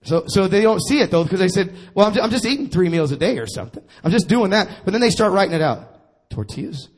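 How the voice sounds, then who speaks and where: A man preaching a sermon to his congregation, calling for responses and repeating his phrases. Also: on the high side. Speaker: pastor.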